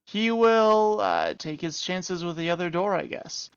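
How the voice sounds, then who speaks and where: A man's voice: high voice, animated, unhurried, clean tone, no room sound, dull audio. A man playing in a tabletop game, describing his character's moves in a hesitant way, thinking aloud. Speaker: player.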